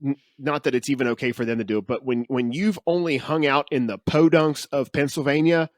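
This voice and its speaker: A man's voice: mid-range voice, a little fast, no room sound, studio quality. A man co-hosting a podcast in casual chat, opinionated and wry, with some mock exasperation. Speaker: podcast co-host. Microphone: studio headphones.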